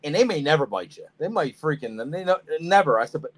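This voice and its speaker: A man's voice: on the high side, lively intonation, quick pace. A man tells stories on a casual reptile podcast. He swears often and acts out each quote. His voice jumps around a lot as he gets worked up. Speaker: podcast co-host, snake breeder. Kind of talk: casual storytelling chat.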